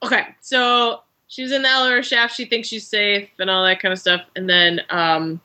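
Bright-voiced woman co-hosting a podcast. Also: medium pitch, flat delivery, moderate pace. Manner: easygoing, agreeable, frequent "yeah" and "like". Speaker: podcast co-host. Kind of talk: casual movie discussion.

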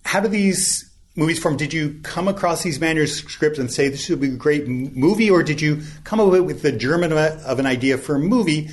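A man's voice: a little high, brisk. A man hosting a radio interview, asking conversational questions about a film. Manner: inquisitive, conversational.

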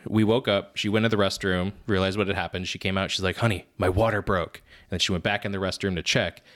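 A man co-hosting a podcast, telling animated stories about being a father and often laughing at his own anecdotes. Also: low-pitched, fast. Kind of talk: casual chat.

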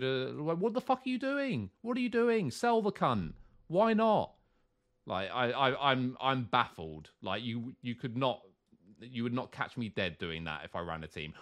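A man's voice: medium pitch, moderate pace. A man on a podcast, ranting heatedly, swearing and mimicking other people's voices. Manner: animated, swearing, mock-quoting others in put-on voices. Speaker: co-host. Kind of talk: heated casual podcast rant.

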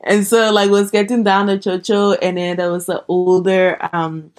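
A woman's voice: lowish voice, steady tone, normal speed, hardly any pauses. A young woman from Liberia casually telling a personal travel story, chatty and full of "like" fillers.

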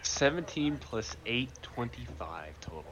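Guy playing a tabletop game, slow blunt threats, noisy background. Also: mid-range voice, big pitch swings. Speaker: player.

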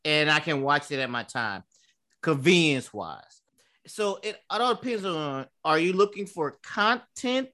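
A man's voice: a little high, animated, a little slow, pushed and bright. A man in his thirties co-hosting a podcast, telling stories in a loose, profane way with lots of fillers. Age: 30s. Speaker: podcast co-host. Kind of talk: casual chat.

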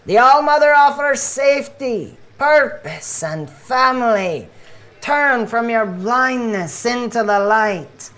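Fervent cow-creature street preacher played by a woman, high and loud, put-on accent, solemn sing-song delivery for a tabletop game. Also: expressive, slow pace. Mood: proclaiming. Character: zealous female cow-like Bohan street preacher.

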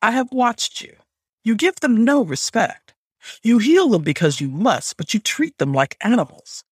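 A man's voice: high-pitched, big pitch swings, unhurried, slightly rough, no room sound, studio quality, voice pushed up, exaggerated voice. A man voicing a stern, commanding goddess who is the heroine's grandmother, speaking in a hard tone. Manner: hard, demanding tone.

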